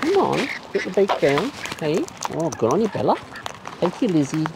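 A man's voice: on the high side, sing-song, normal speed, gravelly. Sing-song Australian man coaxing birds. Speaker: bird feeder filming wild birds. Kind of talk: casual coaxing talk to birds. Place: outdoors among wild birds. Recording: noisy outdoor recording with birds. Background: bird calls and outdoor sounds.

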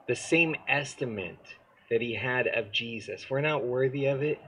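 A man preaching an easygoing sermon outdoors, his voice at a middle pitch. He talks in a loose, conversational way and keeps turning to the crowd with questions. A faint hiss of open-air noise sits underneath. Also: normal speed, pushed and bright, poor audio. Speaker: pastor. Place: outdoor church service.

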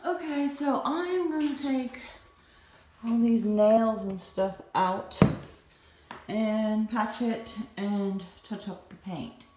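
A woman's voice: a little high, slow, darkish tone. Middle-aged Southern woman, casual self-mocking vlogger, noisy home audio. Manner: chatty, rambling, self-mocking. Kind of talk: casual vlog chat.

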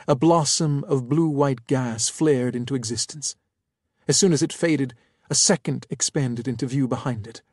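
A man narrating a first-person audiobook in a measured storytelling manner. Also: medium pitch, darkish tone, husky, no echo, studio quality.

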